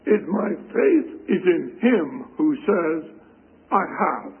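Slow husky preacher on tinny radio. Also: male voice, on the high side, sing-song. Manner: slow, deliberate scripture reading. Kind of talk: sermon. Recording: tinny phone-like radio broadcast.

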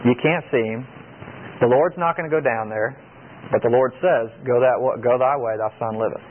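A man's voice: mid-range voice, a little hiss or hum. A man preaching a radio sermon, reading scripture aloud and asking the listeners earnest rhetorical questions. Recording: tinny phone-like radio broadcast.

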